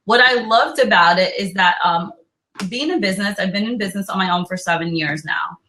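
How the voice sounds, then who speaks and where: Bright, animated New Jersey-accented woman. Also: mid-range voice, fairly quick, a little hiss or hum, low-quality recording. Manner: animated, rambling, playful. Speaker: co-host. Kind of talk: casual live-stream chat.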